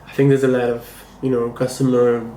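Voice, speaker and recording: A man hosting a casual review vlog, talking to camera in a measured, thoughtful and critical way. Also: mid-range voice, completely flat delivery, warm tone, a little hiss or hum. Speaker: comic book collector and channel host. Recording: roomy echo, faint ambience.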